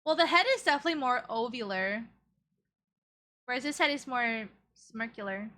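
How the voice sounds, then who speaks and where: High, bright giggly woman streamer. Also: expressive, normal speed. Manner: giggly, playful baby talk. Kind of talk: casual live-stream chat reacting to old clips.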